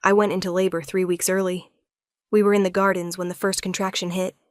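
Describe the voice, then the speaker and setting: Woman reading a romance story, steady and even, kinda flat tone, dry close recording. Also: lowish voice, a little fast, no echo. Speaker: narrator. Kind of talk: scripted first-person romance narration.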